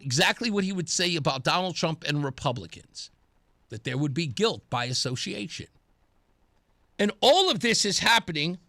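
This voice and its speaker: A man's voice: sits high, no room sound, studio quality. A man hosting a radio talk show, giving an opinionated monologue and acting out the dialogue he quotes. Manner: animated, acts out quoted dialogue; laughs at himself.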